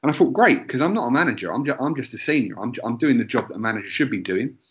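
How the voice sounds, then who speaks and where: A man's voice: medium pitch, expressive, racing, lo-fi sound. Sweary man telling a rambling story. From England, Essex. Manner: rambling, sweary, self-interrupting. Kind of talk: casual comedic storytelling.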